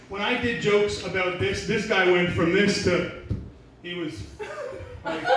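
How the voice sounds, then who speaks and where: Male stand-up comic, high voice, rambling and profane; heard from a distance with a loud crowd around him. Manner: profane, rambling, self-mocking. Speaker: stand-up comedian. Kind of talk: stand-up comedy set. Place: small bar venue, indoors. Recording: echoey room from far off, audience noise.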